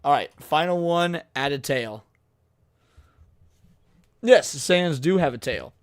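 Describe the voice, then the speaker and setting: A man's voice: a little high, expressive, slow, dry recording, clean studio sound. A man co-hosting a late-night stream, joking around and reading chat messages aloud with frequent stammered restarts. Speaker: VTuber co-host.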